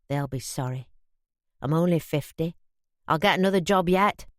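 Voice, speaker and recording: A woman reading an audiobook, voicing a gruff, proud Yorkshire father of fifty who grumbles bluntly in a lowered voice. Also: moderate pace, dry recording, studio quality, close to an everyday voice. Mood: defensive. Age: 50s.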